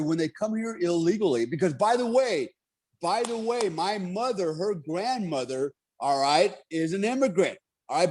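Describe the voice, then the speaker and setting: A man's voice: fairly high pitch, a little mellow. A middle-aged man telling stories as a guest in a casual podcast chat, blunt, profane and emphatic.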